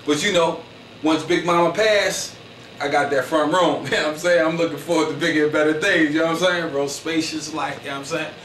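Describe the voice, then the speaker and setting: A man's voice: fairly high pitch, steady tone, brisk, fairly bright tone. Slangy man, echoey and distant. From Philadelphia. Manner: slangy, boastful, rambling with constant "you know what I'm saying". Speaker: comedian. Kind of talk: comedic storytelling monologue. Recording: echoey, distant mic with faint noise.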